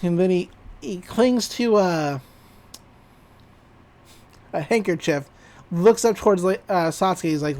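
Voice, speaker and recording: A woman's voice: medium pitch, animated, slow, pauses often, darkish tone. A woman co-hosting a podcast, recapping an episode in casual chat, laughing often and swearing freely. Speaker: podcast co-host.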